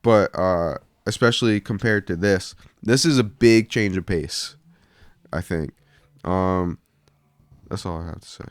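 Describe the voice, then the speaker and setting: A man's voice: low-pitched, a little slow, clean tone, no room sound. A man co-hosting a casual music podcast, earnest and a bit hesitant. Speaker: podcast co-host. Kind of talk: casual chat.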